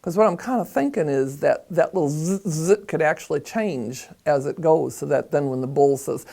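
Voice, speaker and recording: Woman storyteller, gravelly and husky, playful, somewhat low. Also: animated, moderate pace, mellow. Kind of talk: storytelling practice.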